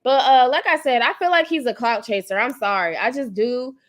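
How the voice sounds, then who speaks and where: A woman's voice: a little high, fairly quick. A woman hosting her channel's livestream, chatting casually about celebrity gossip, rambling and greeting viewers in the chat. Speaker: YouTube channel host.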